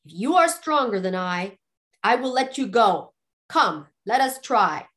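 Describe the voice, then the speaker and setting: A woman voicing a horrible, very old bearded man who speaks slowly and threateningly. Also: a little high, big pitch swings, fairly bright tone. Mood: menacing. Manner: slow and threatening.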